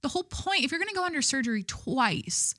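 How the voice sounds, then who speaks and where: This young Southern California woman talks fast on her solo podcast, her high voice sharp and swinging widely in pitch as she gossips, swears freely, and laughs at herself. The studio sound is clean, with no echo.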